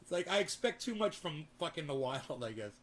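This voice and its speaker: A man's voice: fairly high pitch, sing-song, a little fast, a bit bright. A man telling rambling, profanity-laden stories in a casual home vlog. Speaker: vlogger. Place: home with garden and indoor grow.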